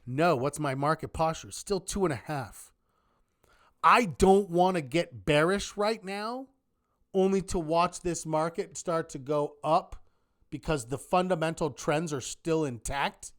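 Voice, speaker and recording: A man teaching a live online trading class in a lively manner, often asking rhetorical questions. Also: fairly high pitch, measured pace. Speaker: trading instructor.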